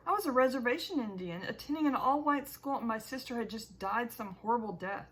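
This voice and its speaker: A woman narrating an audiobook in the first person, with expressive, emotional storytelling. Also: a little high, fairly quick, slightly rough.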